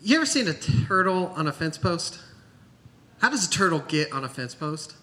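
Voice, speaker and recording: A man's voice: a little high, big pitch swings, normal speed, bright, forceful tone. A man telling his story from the pulpit in a conversational, storytelling manner, quoting the people he talks about. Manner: storytelling, conversational, quotes others. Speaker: church planter pastor. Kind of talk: sermon testimony.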